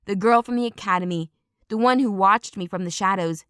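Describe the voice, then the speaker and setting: A woman narrating a first-person audiobook in a steady, dramatic storytelling manner. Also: medium pitch, fairly quick, clean tone, dry recording, studio quality.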